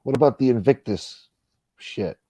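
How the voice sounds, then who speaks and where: A man hosts a loose morning live-stream chat. His voice is warm and relaxed, recorded close and dry with no room sound. He jokes around and calls out viewers by name. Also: mid-range voice, normal speed, husky, no room sound. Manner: joking, greets viewers by name. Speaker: host reading live chat.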